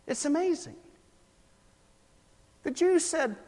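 A man preaches in a high, bright-toned voice, swinging between quiet asides and loud, emphatic bursts. His words ring out with a long reverb, as if recorded in a large hall. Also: lively intonation, normal speed. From South Carolina, US. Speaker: pastor. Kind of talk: sermon.

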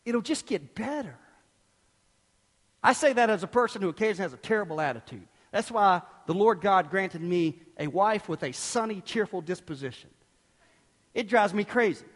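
A man with a high voice delivers a sermon from the pulpit. His delivery swings between forceful outbursts and soft, hushed asides. The church around him carries a long, ringing reverb. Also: moderate pace. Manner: animated preaching, swinging from loud bursts to hushed tones. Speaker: pastor.

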